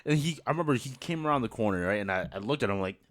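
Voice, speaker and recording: A man's voice: medium pitch, animated, rapid-fire, fairly bright tone, no echo, studio quality. A young man hosting a podcast, telling school stories casually, swearing freely and laughing often. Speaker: podcast host. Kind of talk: casual storytelling chat.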